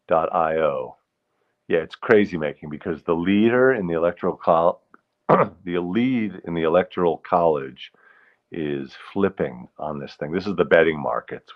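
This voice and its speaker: A man hosting a casual solo livestream, rambling and punning, often interrupting himself and clearing his throat. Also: low-pitched, lo-fi sound. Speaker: livestream host.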